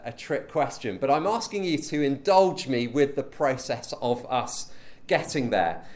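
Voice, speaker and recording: Lively, chatty male preacher. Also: medium pitch. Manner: conversational, with frequent ums and rhetorical questions. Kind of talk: teaching session with a group.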